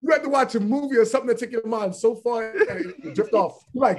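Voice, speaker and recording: A man co-hosting a podcast in casual, profane chat, animated and laughing loudly. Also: extremely high pitch, fast talker, soft background music. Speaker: podcast co-host.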